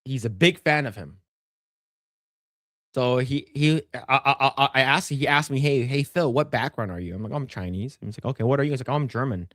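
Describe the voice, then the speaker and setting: A man's voice: medium pitch, a little fast, a bit bright, dry recording. Man streaming, rambling and swearing, stammering restarts, dry close mic. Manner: rambling, profane storytelling with many restarts. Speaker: podcast co-host. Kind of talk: casual livestream chat.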